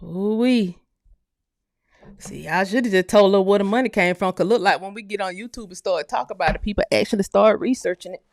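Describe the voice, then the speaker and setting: A woman's voice: medium pitch, a little fast, a little mellow, no echo, clean studio sound. A woman hosting her channel, giving loose, outspoken reaction commentary full of exclamations and laughter. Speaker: channel host.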